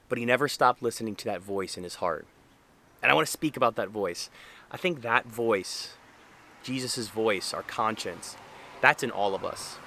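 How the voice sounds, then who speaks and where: Earnest young man giving a casual faith talk, bright voice. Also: lowish voice, moderate pace. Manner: earnest, conversational, many fillers. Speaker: Catholic speaker.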